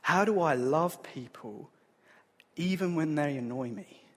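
A man preaching a sermon in an earnest, conversational way that builds to emphatic points. His voice is husky and sits a little high for a man. It rings with the long reverb of a church hall. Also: lively intonation, measured pace. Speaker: pastor.

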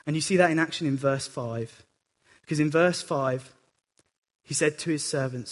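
A man preaching a sermon with animated delivery, swinging between dramatic outbursts and quiet reflection. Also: a little high, moderate pace. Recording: echoey hall reverb.

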